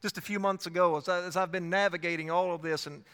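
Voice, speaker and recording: A man with a bright, ringing, fairly high voice preaches an evangelistic sermon, surging loud and then dropping low as he retells his own story. His words carry a long reverb from the church sanctuary where he stands. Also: fairly even intonation, quick pace, hardly any pauses, clean tone. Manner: dynamic preaching with sharp swings in loudness and frequent self-quotation.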